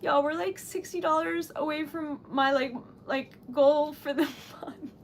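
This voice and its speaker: High-voiced flustered woman. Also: steady tone, measured pace, slight background noise. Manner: flustered, rambling, giggly. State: teary. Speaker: livestream host. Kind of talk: casual livestream chat while crafting.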